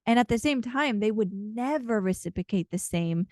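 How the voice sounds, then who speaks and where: Warm-voiced woman giving an earnest card reading. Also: mid-range voice, expressive, normal speed, dry recording, studio quality. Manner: earnest, intense, rambling with many fillers. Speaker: intuitive card reader and channeler. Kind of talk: casual spoken channeled card reading.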